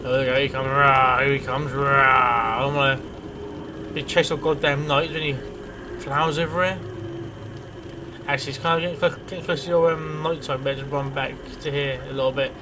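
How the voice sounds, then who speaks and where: A man's voice: on the high side, steady tone, fairly quick, long pauses, background noise. A man giving casual gameplay commentary as a let's play host, rambling, swearing freely and talking to himself.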